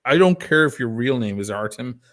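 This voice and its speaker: An Irish man talking as a guest in a casual chat, telling stories in an animated way and swearing freely. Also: medium pitch, fairly quick. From Ireland.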